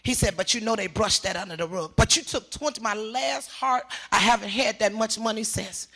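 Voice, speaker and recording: An older woman giving emotional personal testimony as a mother, talking emphatically and repeating herself, her voice rising into shouts. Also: mid-range voice, moderate pace.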